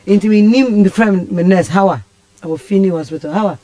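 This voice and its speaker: A woman's voice: mid-range voice, a little fast, dark tone, no room sound. A Ghanaian woman telling a personal story as a radio guest, impassioned and rambling. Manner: impassioned, rambling, switches languages. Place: radio studio.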